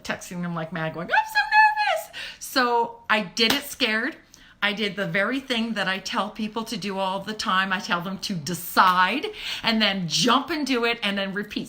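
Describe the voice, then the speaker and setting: A middle-aged woman giving an encouraging parenting talk in a bright, lively voice. Her pitch swings freely as she speaks. She now and then sinks to a near-whisper to stress a point. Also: slight background noise. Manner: expressive, drops into near-whispers for emphasis. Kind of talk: casual motivational talk.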